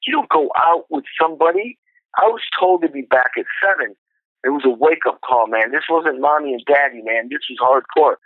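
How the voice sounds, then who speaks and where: A man's voice: on the high side, brisk, no echo. Middle-aged guy spinning a salty band story, sounds thin like over a phone, dry. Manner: animated, profane, acts out quotes. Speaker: drummer telling his story. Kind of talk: storytelling interview. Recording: tinny phone-like line.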